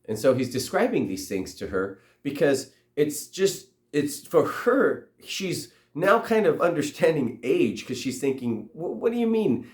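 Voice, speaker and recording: A man's voice: medium pitch, very animated, unhurried, hardly any pauses. A man telling a story in a loose, conversational way. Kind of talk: casual oral storytelling. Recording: roomy echo.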